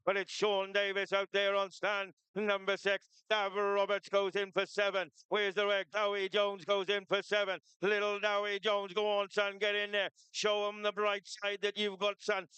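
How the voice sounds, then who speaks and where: A man giving brisk, rapid-fire live commentary on a shearing competition, cheering competitors on. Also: high-pitched, sharp tone, smooth, no echo. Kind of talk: live sports commentary over a PA.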